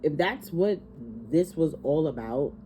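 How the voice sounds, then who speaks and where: A woman giving an animated, casual tarot reading, swearing freely and talking aloud to spirit. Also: low voice, measured pace, slight background noise. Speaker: tarot reader.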